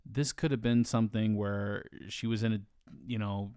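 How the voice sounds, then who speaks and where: A man's voice: lowish voice, fairly even intonation, normal speed, darkish tone, smooth, no room sound, studio quality. A man co-hosting a podcast, chatting casually and thinking aloud with jokes. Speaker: podcast co-host. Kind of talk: casual chat.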